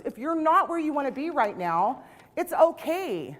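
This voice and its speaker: A woman's voice: high-pitched, big pitch swings, normal speed, long reverb tail. A woman in her late fifties giving a chatty, self-deprecating motivational talk on stage, acting out the voices she quotes. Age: 50s. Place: stage in a large hall.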